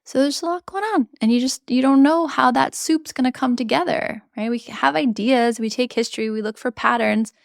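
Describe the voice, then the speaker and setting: A woman with a gravelly edge to her voice hosts a spiritual tarot podcast. She talks in an earnest, chatty monologue with slangy asides. The sound is close and dry. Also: high-pitched, moderate pace, few pauses, no echo. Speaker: podcast host reading tarot.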